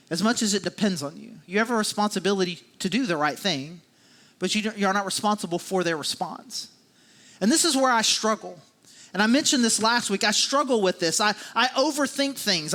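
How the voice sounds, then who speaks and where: Bright-voiced male pastor preaching. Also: sits high. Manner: conversational, self-deprecating, with many restarts and repetitions. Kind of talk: sermon.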